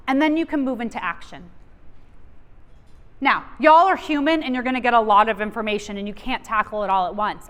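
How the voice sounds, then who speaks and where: A woman's voice: on the high side, a bit bright. A woman giving a motivational keynote from a stage, coaching her audience directly with energy. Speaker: keynote speaker. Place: large event hall. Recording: long reverb of a large hall.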